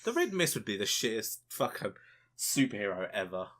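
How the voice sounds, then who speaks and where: A man hosting a casual podcast chat, animated, cursing freely and laughing often. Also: fairly low pitch, normal speed. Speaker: podcast host.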